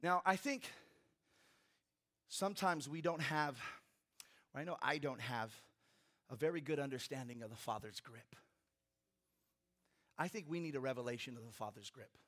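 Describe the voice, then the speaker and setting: Pastor, male, bright voice, dynamic preaching with joking asides. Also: mid-range voice, animated, normal speed, pauses often. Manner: preaching with big swings from loud to hushed; humorous personal asides to the congregation. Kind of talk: sermon.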